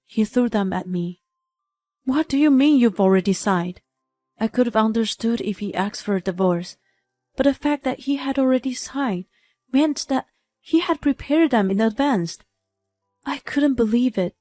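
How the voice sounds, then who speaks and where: A young woman narrating a scripted first-person story in a steady, even reading voice. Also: on the high side, moderate pace, faint music behind.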